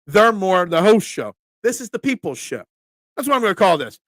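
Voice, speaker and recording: On a casual live stream, a sports talk host with a high, bright voice reads viewer comments aloud and answers them about football. He talks fairly quickly, animated and emphatic, and the recording is close and dry with no room echo.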